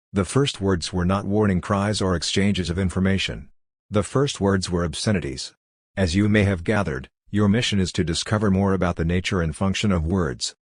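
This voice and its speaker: A man's voice: low voice, no echo, clean studio sound. A man reading the lines of a young male doctor who lectures in a matter-of-fact way.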